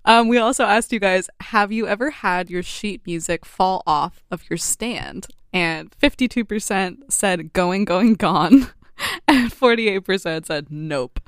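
A woman's voice: medium pitch, unhurried, smooth, no echo, clean studio sound. Laughing young woman podcast co-host. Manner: laughs often, animated storytelling. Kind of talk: casual chat.

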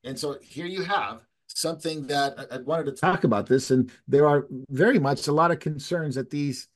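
A man's voice: mid-range voice, darkish tone. A man hosting an informal discussion, talking in a conversational way with frequent restarts. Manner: conversational, many restarts and fillers. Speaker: host. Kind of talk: casual chat. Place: Latin America.

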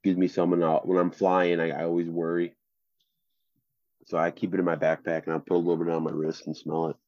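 A lower-voiced man telling meandering stories with plenty of "uh" and "um". His voice is dry and close, but it comes through a slightly dull, lo-fi mic. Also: monotone, brisk, darkish tone, no room sound. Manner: rambling storyteller, many fillers and laughs. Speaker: podcast co-host. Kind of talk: casual chat.

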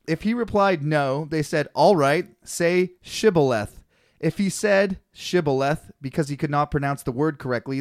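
A man's voice: fairly high pitch, no echo, clean studio sound. A man co-hosting a comedy podcast, reading scripture aloud with stumbles and swearing freely. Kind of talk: casual comedic chat.

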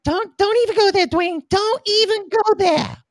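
A man's voice: very high-pitched, moderate pace, no echo, studio quality, pitched above the performer's own voice. A man putting on a sassy woman's voice to mockingly tell someone off.

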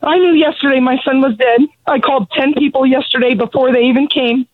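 A middle-aged woman, out of breath from pacing, speaks angrily and bluntly with halting restarts about losing her son. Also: high voice, steady tone. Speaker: grieving mother of a fallen Marine, calling in. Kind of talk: emotional phone testimony. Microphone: telephone. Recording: tinny, dry phone line.

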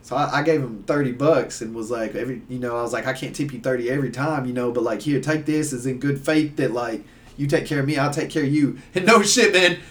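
A man telling rambling, animated stories in casual chat, full of fillers. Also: mid-range voice, fast talker, recorded from a distance. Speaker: guest. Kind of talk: casual storytelling.

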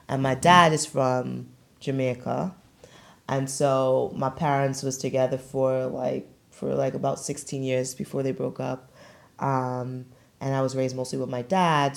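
A woman from Brooklyn, New York, chats on a casual podcast. Her voice is gravelly and fairly flat, and she slips into patois phrasing now and then. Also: rumbling low. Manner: chatty, drops into patois phrasing. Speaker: podcast host.

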